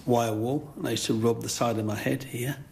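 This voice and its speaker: An older man, a guest in an interview, telling his life story with lively acted-out quotes. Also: medium pitch, brisk, gravelly, slight background noise. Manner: animated storyteller acting out quoted voices.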